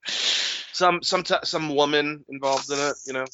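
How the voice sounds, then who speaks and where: A man's voice: on the high side, steady tone, a little slow, pushed and bright, dry recording. A man co-hosting a podcast in casual chat, talking loosely with profanity and rambling asides. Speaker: podcast co-host. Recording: dull lo-fi dry recording.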